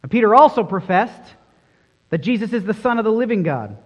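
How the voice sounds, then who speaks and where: A man with a high voice preaches to his congregation, earnest and emphatic, leaning on each key word. His voice rings out with a long hall reverb, and the sound is dull and muffled. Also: sing-song, fairly quick. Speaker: pastor. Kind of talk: sermon.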